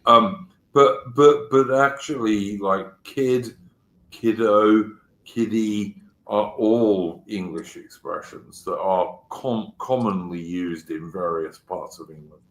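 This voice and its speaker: Low-voiced man hosting a live history stream. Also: slow, a bit bright. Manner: answers chat comments, explanatory. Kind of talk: casual live-stream chat. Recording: echoey room.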